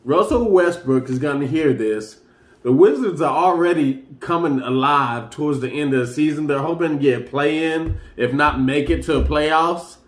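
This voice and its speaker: A man's voice: a little high, normal speed, reverberant. A man hosting a casual sports talk show, rambling loosely and getting hyped as he runs through the news. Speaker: sports commentary host.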